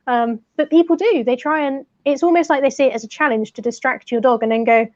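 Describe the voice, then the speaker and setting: Higher-voiced woman, laughing often. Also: fast talker, hardly any pauses, darkish tone, dull audio. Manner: light-hearted, laughs often, exasperated retellings. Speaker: co-host, service dog user. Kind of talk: casual chat.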